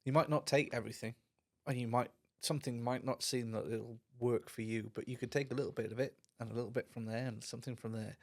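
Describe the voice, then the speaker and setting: A man's voice: mid-range voice, steady tone, fast, hardly any pauses, a little mellow. A middle-aged man co-hosting a podcast in casual chat, laid-back and chummy. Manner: laid-back, chummy, often says "mate". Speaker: podcast co-host.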